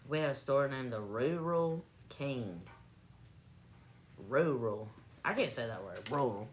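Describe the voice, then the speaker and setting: With a rumbling low, expressive voice at normal speed and a bit of background noise, a Southern-accented woman from South Carolina hosts a livestream. She chats easily with viewers, playfully saying words over and over to check her pronunciation.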